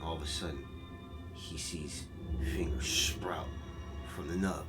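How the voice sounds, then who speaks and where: A man's voice: rumbling low, steady tone, takes it slowly. A man telling a crude, rambling comedic story with lots of profanity, recorded from a distance with music behind.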